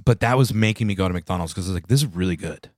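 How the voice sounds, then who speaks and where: A man in his early thirties hosting a podcast, sleep-deprived, bantering with jokey, deadpan asides. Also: deep voice, rapid-fire, no room sound, clean studio sound. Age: 30s. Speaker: podcast host. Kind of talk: casual banter.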